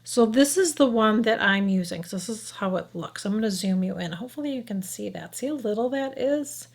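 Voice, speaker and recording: A woman's voice: mid-range voice, expressive, brisk, gravelly. A frank, chatty woman in her fifties walks viewers through a makeup tutorial. She talks while she works at her mirror and keeps asking "okay?" as she goes. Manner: talks while applying makeup, sometimes drops to a whisper. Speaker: beauty vlogger.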